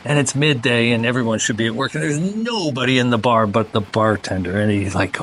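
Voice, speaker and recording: A man hosting a relaxed chat who spins a long joke with plenty of restarts. His voice is mid-pitched and ordinary, and there is faint room noise behind him. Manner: rambling storyteller, quick bursts. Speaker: host. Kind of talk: casual chat and joke telling.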